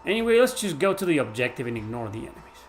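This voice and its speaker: A man doing live gameplay commentary, chatting with viewers, swearing and shouting at the game. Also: medium pitch, very animated, rapid-fire, soft background music. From Mexico. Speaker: gaming streamer.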